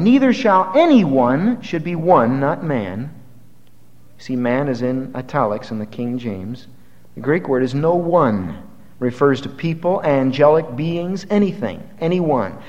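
Male preacher, sermon, emphatic, lively pitch swings, long reverb, muffled lo-fi sound. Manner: emphatic, rising to forceful peaks, slowing on key words.

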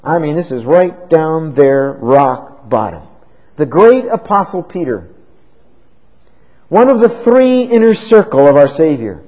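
A man preaching an expository sermon, dramatic, swinging from loud emphasis to hushed tones. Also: fairly high pitch, very animated, normal speed, low-quality recording.

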